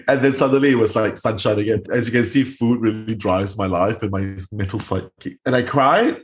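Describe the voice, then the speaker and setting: A man's voice: mid-range voice, moderate pace. A man, a makeup artist guest telling stories dramatically and acting out what people said. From Singapore. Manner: dramatic, acts out quotes in voices. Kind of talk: animated storytelling interview.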